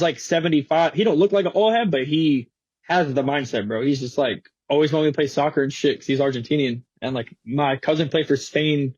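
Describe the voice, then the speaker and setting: A man's voice: fairly high pitch, husky, dry recording, highs cut off. A young man in his twenties, a guest skateboarder telling stories in casual, slangy, swearing chat in a podcast studio. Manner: slangy, swearing, laughing storyteller.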